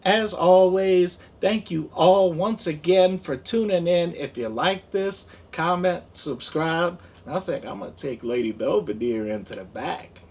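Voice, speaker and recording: Slow, rambling goofy man vlogging. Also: high-pitched, darkish tone, slightly rough. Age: 40s. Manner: goofy, rambling, sings and mumbles to himself. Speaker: unboxing vlogger. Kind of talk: rambling stoned unboxing vlog.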